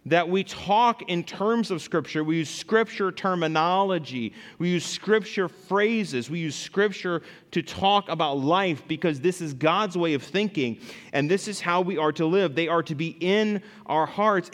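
A male pastor preaching a sermon, animated, rising loud for emphasis and dropping low to read scripture. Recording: long reverb in a large hall.

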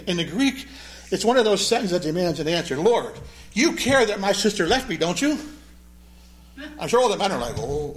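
A man preaching a sermon with a joking, storytelling delivery and asides on the original Greek. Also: high voice. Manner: animated, joking storyteller who explains the Greek. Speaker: pastor.

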